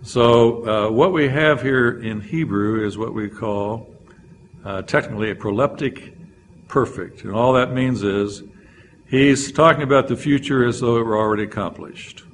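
A man's voice: mid-range voice, moderate pace, a little hiss or hum. A man teaching a Bible lecture, explaining verses and reading scripture aloud with frequent "uh" fillers.

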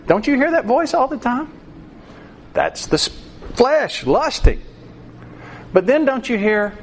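A man's voice: very high-pitched, very animated, a little slow, long pauses, a little hiss or hum. A man preaching a sermon, acting out quoted voices with animation.

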